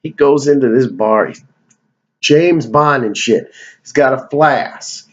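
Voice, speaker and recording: A movie review vlogger talks through his favorite films in a casual, rambling rundown, digressing, swearing, and joking as he drifts off topic. He speaks slowly in an ordinary middle pitch, and the home recording sounds a little dull and muffled.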